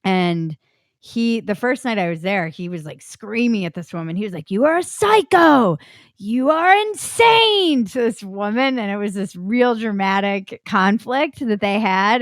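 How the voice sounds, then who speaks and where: A woman's voice: mid-range voice, normal speed, dry recording, studio quality. A woman guest on a podcast, telling a personal story in a frank, blunt way, loose with fillers.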